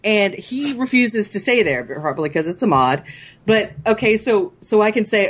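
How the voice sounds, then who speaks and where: Woman rambling on a podcast, husky voice, giggles a lot, bouncy pitch. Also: expressive, moderate pace. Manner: chatty, giggly, rambling storyteller. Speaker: podcast co-host. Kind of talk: casual chat about a video game.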